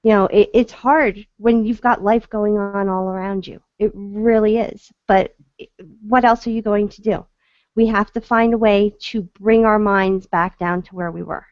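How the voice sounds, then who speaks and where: A woman's voice: medium pitch, fairly even intonation, moderate pace, dry recording, highs cut off. A middle-aged woman sharing a personal story in casual talk, earnest and full of restarts, as a guest speaker. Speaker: guest speaker, court advocate.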